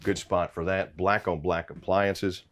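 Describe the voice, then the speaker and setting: A man's voice: low voice, little pitch movement, unhurried. A man giving an upbeat walkthrough of a travel trailer, pointing out features as he goes, recorded inside the trailer. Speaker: RV salesman giving a walkthrough tour. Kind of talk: product walkthrough.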